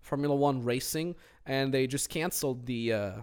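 A man co-hosting a business podcast in casual, energetic chat, with jokey asides. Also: medium pitch, moderate pace, smooth. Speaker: podcast co-host.

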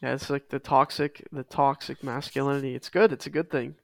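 A man's voice: medium pitch, steady tone, brisk, creaky, fairly bright tone, dry recording, studio quality. A man co-hosting a casual fitness podcast, talking with emphasis and repeating his key points. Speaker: podcast co-host.

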